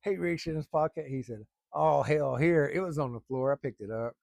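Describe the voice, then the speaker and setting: A middle-aged man spins a rambling family yarn, peppering it with salty words. His voice is gravelly with a bit of fry, and it sounds close and dry, with no room behind it. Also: medium pitch, lively intonation, fast talker, a little mellow, no echo. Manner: rambling, folksy, salty language. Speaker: storyteller. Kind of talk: casual spoken storytelling.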